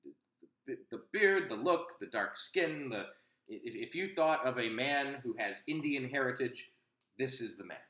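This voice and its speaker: A man's voice: medium pitch, lively intonation, a little slow, sharp tone, reverberant. A man hosting a casual opinion chat, telling a rambling anecdote with frequent restarts. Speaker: host.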